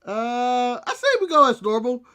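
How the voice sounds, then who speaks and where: A man's voice: extremely high pitch, lively intonation, moderate pace, pushed and bright, clean tone. A man from the United States co-hosting a casual wrestling recap, joking, teasing and laughing often. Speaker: podcast co-host.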